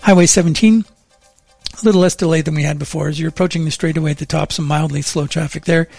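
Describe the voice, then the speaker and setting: A man reads the local traffic and weather on morning radio. His voice sits a little high and has a husky, gravelly grain. Delivery is steady and measured, close to a dry studio microphone. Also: dry recording, soft background music. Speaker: traffic reporter.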